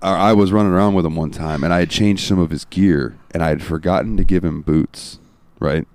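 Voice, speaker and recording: Deep-voiced male host, relaxed rambling chat, dry close sound. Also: fairly quick, dry recording. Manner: relaxed, rambling with fillers and swearing. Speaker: podcast host. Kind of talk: casual chat.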